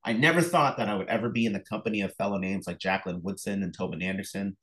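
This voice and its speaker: A middle-aged man, an author and illustrator, talking as an interview guest, telling lively stories full of fillers and acted-out phone calls. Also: lowish voice, fast talker, low-quality recording. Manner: animated storyteller, acts out phone calls, many fillers. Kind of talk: casual interview conversation.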